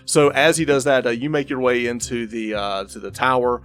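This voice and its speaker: A man's voice: mid-range voice, fairly even intonation, a little fast, fairly bright tone, clear, resonant tone. A man running a tabletop game as game master, narrating in a rambling way with many fillers.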